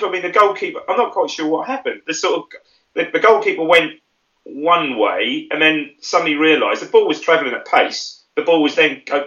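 A man talks through goals on a football podcast in a casual, chatty way, full of fillers and easy laughter. His voice is bright and forceful, but he sits well back from the mic in an echoey room. The sound is a little dull. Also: fairly high pitch. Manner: chatty, laughs often, thinks aloud with fillers. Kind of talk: casual match analysis chat. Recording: roomy, distant and dull.

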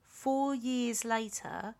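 A woman co-hosting a casual podcast, telling a long story in a loose, rambling way. She fills her pauses with ums and keeps correcting herself mid-sentence. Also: a little high, gravelly, a little mellow. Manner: rambling, chatty, with frequent ums and self-corrections. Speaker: podcast co-host. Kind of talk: casual chat, recounting a band's history.

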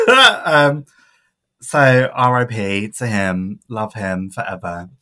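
A man co-hosting a chatty podcast with a bright, lively voice. He laughs often and drifts through ums between thoughts, with a pitch that rises and falls a lot. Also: drawn-out words. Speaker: podcast co-host. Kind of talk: casual podcast chat.

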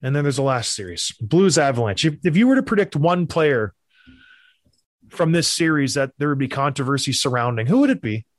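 A man who used to play hockey, hosting a casual sports talk show and giving animated, opinionated rants. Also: mid-range voice, a little fast, no echo, clean studio sound. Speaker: podcast host, former hockey player.

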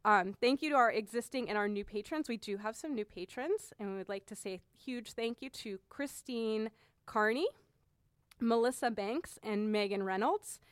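A woman hosting a podcast in a studio, chatty and quick to laugh, often restarting her sentences. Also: on the high side, clear, resonant tone, no room sound. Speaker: podcast host. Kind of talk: casual podcast chat.

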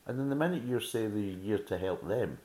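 A man's voice: lowish voice, lively intonation, fairly quick, dark tone, echoey room. A Scottish man giving a casual beer review, ranting bluntly and swearing a lot. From Scotland.

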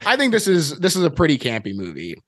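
A man's voice: on the high side, huge pitch swings, fast talker, a bit bright, breathy edge, no room sound, studio quality. A man co-hosting a casual film podcast, talking hesitantly and restarting phrases. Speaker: podcast co-host. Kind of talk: casual chat.

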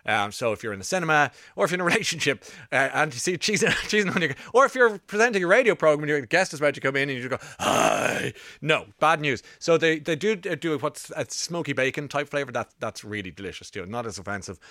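A middle-aged man hosting a radio show, telling rambling stories with quick asides into a studio mic. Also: on the high side, sing-song, pushed and bright, no echo. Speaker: radio host. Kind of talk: casual radio chat. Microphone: broadcast studio mic.

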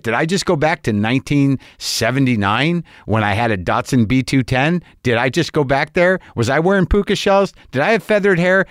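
A man's voice: mid-range voice, no echo, studio quality. Wry, exasperated older man telling a story. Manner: wry, exasperated storyteller acting out both sides of dialogue. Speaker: podcast host. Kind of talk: storytelling monologue.

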